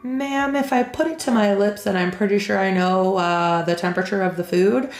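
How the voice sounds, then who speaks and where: A woman hosting a reaction channel who reads aloud and tells stories casually, frank and animated, acting out the people she quotes. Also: medium pitch, moderate pace. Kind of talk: reading aloud then casual storytelling. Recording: echoey room with faint music.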